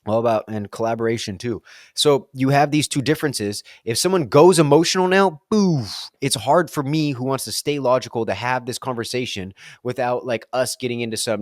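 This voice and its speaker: A young adult man hosting a solo talk, musing casually and breaking into quick playful voices. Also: mid-range voice, dry recording, clean studio sound. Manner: playful, acts out quick silly voices mid-thought. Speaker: solo podcast host answering reflective questions. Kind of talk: casual spoken reflection.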